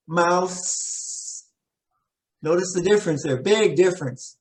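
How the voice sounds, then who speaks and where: A middle-aged man leading a pronunciation workshop, saying word pairs slowly and repeating each sound to demonstrate it. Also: sits high. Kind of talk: workshop teaching.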